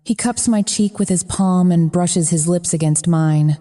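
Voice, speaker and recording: Female audiobook narrator, low-pitched, intimate first-person delivery; lingering reverb on the recording. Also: unhurried, warm tone, soft background music.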